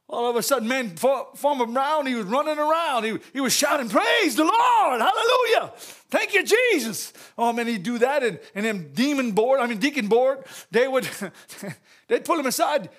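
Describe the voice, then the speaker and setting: A man giving a lively church message, telling stories, repeating phrases and laughing often. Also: very high voice, normal speed. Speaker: church speaker.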